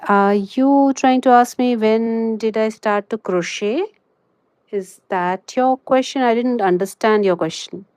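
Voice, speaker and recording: Speaking a little high with a darkish tone, a chatty crochet livestreamer runs a live lesson and chats along the way. There's no room sound, and she fills pauses with "you know."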